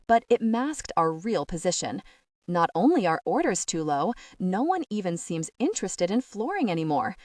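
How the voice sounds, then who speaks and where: A woman reading a first-person novel aloud as an audiobook narrator, expressive and rising into breathless worry. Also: lowish voice, no room sound, clean studio sound, recorded from a distance.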